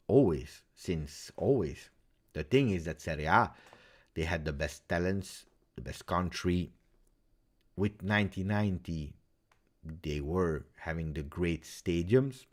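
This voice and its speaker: A man hosting a live football reaction stream, reading viewer comments and thinking aloud with lots of "eh?" and "uh". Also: sits low. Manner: animated, thinks aloud with many uhs and tag questions. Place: home streaming setup in Belgium.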